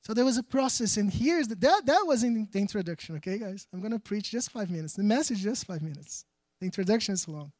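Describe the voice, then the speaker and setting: A man's voice: high voice, expressive, quick pace, darkish tone, no room sound. A man from Brazil, preaching a sermon earnestly, often restarting phrases and checking in with the congregation. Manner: earnest, with frequent restarts and "right?" asides.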